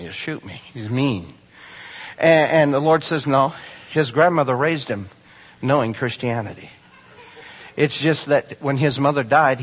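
A man preaching, telling testimony stories to a congregation, swinging from loud bursts to hushed lines. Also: mid-range voice, husky. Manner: storytelling, animated with sudden loud bursts and hushed drops. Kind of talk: sermon testimony. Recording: dull lo-fi sermon recording.

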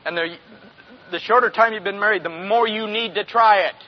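This pastor, a man in his sixties, delivers a folksy sermon in a high-sitting, fairly quick voice, frequently asking the congregation questions and chuckling. The recording is dull and lo-fi.

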